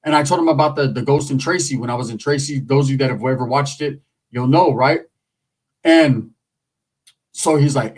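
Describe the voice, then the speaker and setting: A man's voice: medium pitch, moderate pace, a little mellow, far from the mic, rough recording. A man from San Jose, California telling a long story in a profane, streetwise, rambling manner. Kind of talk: casual storytelling.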